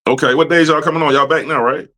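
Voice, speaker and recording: A man's voice: on the high side, fairly even intonation, fast, pushed and bright. A man, a podcast host chatting in an easygoing way that is full of "man" and "yeah". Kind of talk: casual interview chat.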